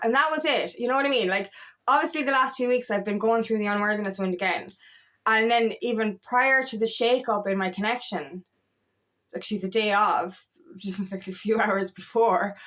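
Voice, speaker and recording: A woman's voice: mid-range voice, a bit bright. Woman ranting to camera about her love life, blunt, swears a lot, keeps saying you know what i mean. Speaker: feminine empowerment coach. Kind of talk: casual spiritual talk to camera.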